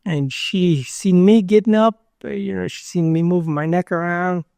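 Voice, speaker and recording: A man's voice: sits high, fairly even intonation, moderate pace, gravelly, warm tone, clear, resonant tone, dry recording. A man as an interview guest, telling a personal story in a rambling way, full of "like" and "you know" and re-enacted dialogue.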